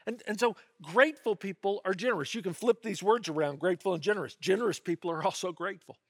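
Man, pastor, sermon, earnest, conversational, high-pitched, dry sound. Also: fast talker, no echo. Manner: animated, earnest preaching with conversational asides.

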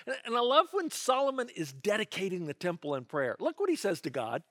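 An animated man preaching with a high, lively voice that swoops up and down. He sounds earnest and conversational, leaning into his points. The sound is dry and close, with no room echo. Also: brisk, hardly any pauses. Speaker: pastor. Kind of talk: sermon.

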